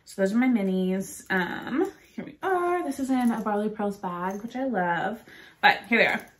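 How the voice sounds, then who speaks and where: A woman co-hosting a podcast, chatting quickly and eagerly about her knitting. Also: medium pitch, expressive. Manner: fast, chatty, enthusiastic. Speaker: podcast co-host. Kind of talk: casual chat about knitting.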